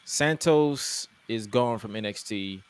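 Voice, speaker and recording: A man's voice: fairly low pitch, slow, clear, resonant tone. A man co-hosting a podcast, chatting casually and jokingly about wrestling with loose restarts. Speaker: podcast co-host.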